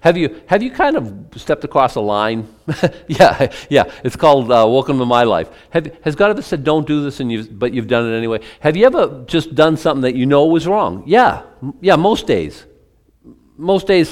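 A man giving a conversational Bible-teaching sermon as pastor, asking his listeners questions and adding chatty asides between scripture readings. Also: mid-range voice. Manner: asks the congregation questions, chatty asides, reads from old scripture.

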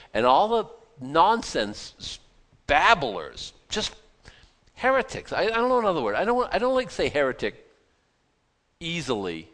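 A man preaching a sermon, reading scripture aloud and explaining it in a lively, conversational, folksy way. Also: mid-range voice. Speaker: pastor.

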